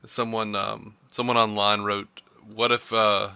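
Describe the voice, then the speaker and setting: A man's voice: fairly low pitch, level tone, measured pace, vocal fry, bright, forceful tone, clean tone, no echo. A man co-hosting a podcast, chatting casually about a TV episode in a laid-back, wry way. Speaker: podcast co-host. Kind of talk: casual TV review chat.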